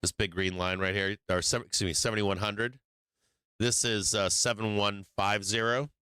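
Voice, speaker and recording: The voice is male, fairly low and steady, at normal speed, bright and forceful yet smooth, in a dry recording. As host of a live stock market stream he works his charts and rambles casually with profanity, restarting a lot and drifting off mic, all while fighting the hiccups.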